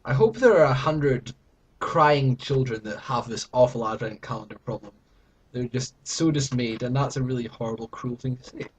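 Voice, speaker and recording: A lively British man vlogging, mock-dramatic. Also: mid-range voice, normal speed, breathy edge. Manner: rambling, self-mocking and mock-dramatic. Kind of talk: casual chat to camera.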